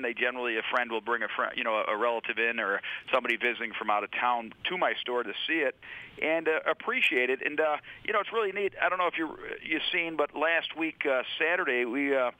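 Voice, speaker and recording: New guy rambling on the radio, lots of ums, bright dry voice. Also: mid-range voice, dry recording, poor audio. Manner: rambling, halting, many fillers. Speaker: store owner, regular guest. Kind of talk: casual radio chat.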